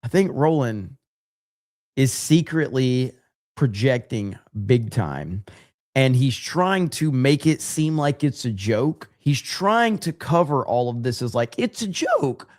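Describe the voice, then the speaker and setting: A man's voice: medium pitch, expressive, a little slow, darkish tone. A man hosting a casual livestream podcast, laughing often and rambling as he reads out viewer messages. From United States.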